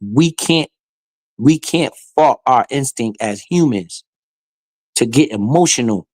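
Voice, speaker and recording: A man's voice: medium pitch, expressive, takes it slowly, darkish tone, no echo. A man streaming live, giving casual, slangy commentary with swearing and often speaking straight to his chat.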